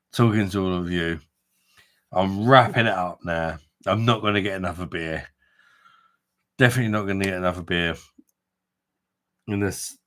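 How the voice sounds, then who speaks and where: Host: man with a very deep voice, tipsy and bantering on a casual live stream. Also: fairly bright tone. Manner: chatty, banter, swears casually. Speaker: beer review livestream host.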